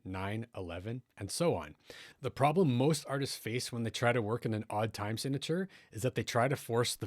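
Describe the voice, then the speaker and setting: A man's voice: mid-range voice, no room sound, studio quality. A man teaching music production in a tutorial, explaining step by step and often checking in with the listener. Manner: patient, explains step by step and keeps checking in with "right?".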